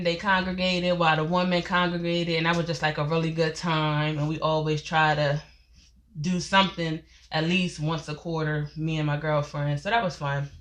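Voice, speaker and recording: A woman's voice: fairly low pitch, a bit bright. A woman, chatting casually on a livestream and addressing viewers as y'all, a little out of breath. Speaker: life coach and company founder.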